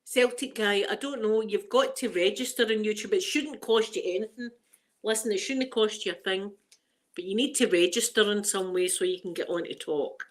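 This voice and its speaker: A woman's voice: mid-range voice, normal speed. A woman with a Scottish accent, hosting a casual unboxing chat. She is chatty and emotional and stumbles when reading aloud. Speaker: ASMR channel host.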